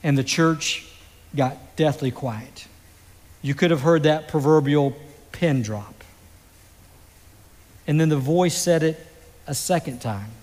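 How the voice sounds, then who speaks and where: A man preaching a sermon, telling a story slowly and dramatically with pauses. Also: a little high, darkish tone, big-room sound. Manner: slow, dramatic delivery with pauses. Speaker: pastor.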